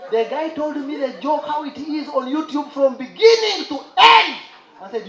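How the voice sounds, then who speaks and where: A man doing a lively stand-up set, telling a story and bursting into exclamations. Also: extremely high pitch, moderate pace. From Uganda. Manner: animated storyteller, exclaims and imitates laughter. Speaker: stand-up comedian. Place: live comedy show stage. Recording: roomy live venue with audience.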